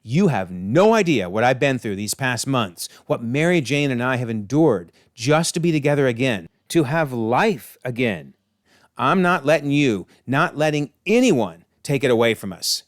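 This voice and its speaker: A determined young superhero speaks firmly and earnestly, as a man reads his lines. The voice has a lively pitch range. The sound is dry and close. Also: normal speed, dry recording, lightly acted.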